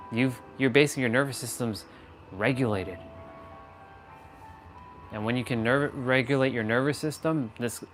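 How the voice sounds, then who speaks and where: A man's voice: mid-range voice, fairly bright tone. A man hosting a casual motivational livestream, rambling and playing with words while talking to his chat. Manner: rambling, playful wordplay, talks to chat. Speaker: livestream host. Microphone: phone or laptop for live stream.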